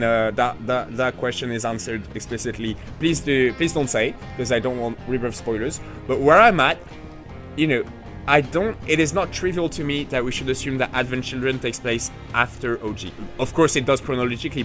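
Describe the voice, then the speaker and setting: A man with a French accent, a French native speaker, chatting casually on a live game stream in a rambling, excitable way with lots of fillers. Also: medium pitch.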